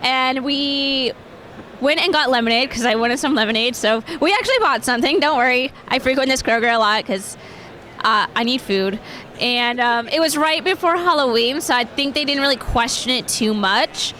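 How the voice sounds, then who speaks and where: Young woman, high bright voice, chatty with lots of ums, convention interview. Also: moderate pace. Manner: chatty, laughs often, many fillers. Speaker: cosplayer guest. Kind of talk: casual interview answers.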